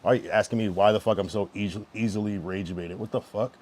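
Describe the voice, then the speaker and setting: A man's voice: lowish voice, steady tone, quick pace, darkish tone, a little hiss or hum. Irritated young man ranting on stream. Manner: irritated, ranting at chat, heavy swearing. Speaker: livestreamer. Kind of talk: casual livestream chat.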